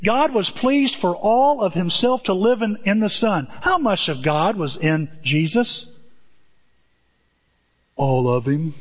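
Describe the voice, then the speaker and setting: A middle-aged man preaching a sermon, telling stories with lively jumps in pitch and quick asides. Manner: animated storytelling with sudden pitch jumps and asides. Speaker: pastor. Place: church auditorium. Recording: dull sound in a reverberant hall.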